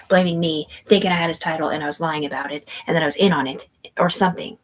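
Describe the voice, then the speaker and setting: A woman's voice: low-pitched, steady tone, quick pace, rough recording. A woman telling a rambling story in casual chat, profane and meandering, full of fillers and restarts. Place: indoors at home.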